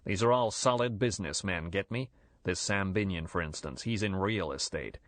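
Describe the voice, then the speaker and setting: A man's voice: sits low, normal speed, a bit bright, dry recording. A man voicing a touchy, menacing gangster boss who talks in blunt, curt phrases.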